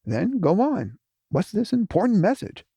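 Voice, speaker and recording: Smudge: snappy, spiteful young male put on by a narrator, high and lively, audiobook. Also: a little slow, gravelly, slightly rough, dry recording, studio quality, exaggerated voice. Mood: impatient, snapping. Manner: impatient, snapping demands.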